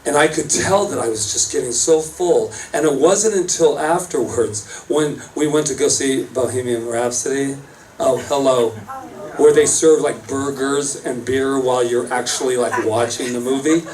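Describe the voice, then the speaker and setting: A man's voice: medium pitch, normal speed, darkish tone. A man who is a minister, giving a casual, rambling sermon full of self-mocking asides. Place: church service space. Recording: distant mic, faint room noise.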